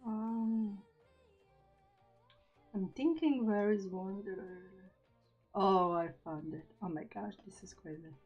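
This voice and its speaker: A woman's voice: medium pitch, slow pace, pauses often, husky, lo-fi sound, faint music behind. A woman hosting a live stream in casual chat, often laughing at herself and reading her own poems aloud. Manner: giggly, self-conscious, breaks into laughter. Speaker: streamer host.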